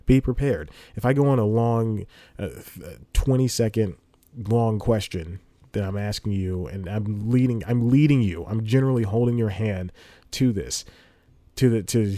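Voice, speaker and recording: A man's voice: on the low side, dark tone, dry recording. A man hosting a podcast in a rambling, casual monologue, laughing between phrases, speaking into a studio microphone. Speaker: podcast host. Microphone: studio microphone with headphones.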